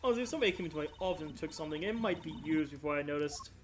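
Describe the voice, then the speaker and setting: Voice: medium pitch, lively intonation, rapid-fire, slight background noise, lightly acted. A streamer putting on a syrupy, patronizing female warden. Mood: sugary, dismissive. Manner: sugary, patronizing, calls others darling and sweetie. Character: flirty, condescending female prison warden. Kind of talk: reading a video game's dialogue aloud on stream.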